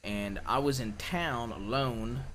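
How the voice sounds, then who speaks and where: A man in a roleplay stream, chatting in character as an outlaw with a folksy, rough-grammar drawl. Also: mid-range voice, slow, a bit bright, slight background noise.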